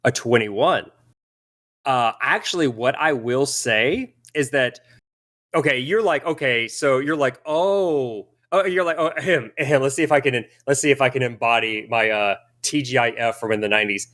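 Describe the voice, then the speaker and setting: A man's voice: medium pitch, normal speed, sharp tone. A man narrating a tabletop game as game master, rambling with many restarts while he describes the scene.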